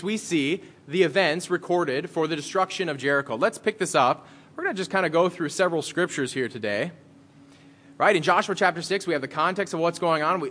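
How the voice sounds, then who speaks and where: Slightly high-voiced man preaching a sermon. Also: fairly bright tone, a little hiss or hum. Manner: conversational, reads verses aloud then explains them. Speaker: pastor. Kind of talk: sermon with scripture reading.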